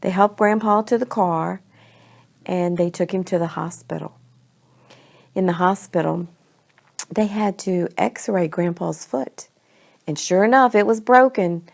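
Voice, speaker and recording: A woman telling a homey family story in an unhurried, conversational way. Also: on the low side, gravelly, darkish tone. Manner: homey, unhurried, slips between we and they. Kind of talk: storytelling to children.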